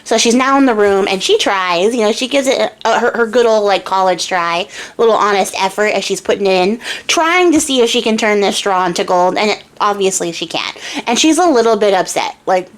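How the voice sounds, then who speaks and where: A woman's voice: mid-range voice, expressive, a little fast, hardly any pauses. A young woman casually retelling a fairy tale for a craft channel, chatty and irreverent with lots of filler.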